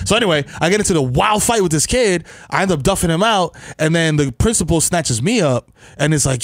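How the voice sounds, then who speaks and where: A man co-hosting a comedy podcast, telling stories in animated street slang. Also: a little high, fairly quick, no echo. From the Bronx, New York. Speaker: podcast co-host. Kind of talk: casual comedic podcast banter.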